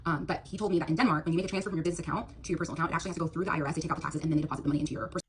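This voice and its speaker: A young woman with a low voice and fairly even intonation races through a personal dating story, TikTok storytime style, with a little hiss or hum in the background. She rambles, quotes what the other person said, and fills her monologue with lots of fillers.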